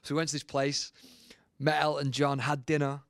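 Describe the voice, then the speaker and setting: A man, a guest musician, telling a story in a lively, casual way and acting out the quotes. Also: fairly high pitch, moderate pace, no room sound, studio quality. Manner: animated storyteller, acts out quotes, many fillers.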